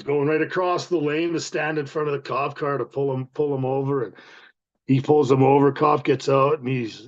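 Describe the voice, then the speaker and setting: A Canadian man hosting a casual chat, telling profane biker road stories. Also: medium pitch. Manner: profane, storytelling. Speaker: podcast host. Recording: dull lo-fi sound.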